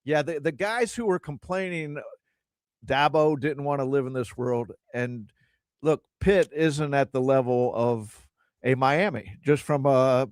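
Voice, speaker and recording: A man's voice: mid-range voice, unhurried, a little mellow, no room sound, studio quality. A man co-hosting a sports radio show, casually posing questions and hypotheticals.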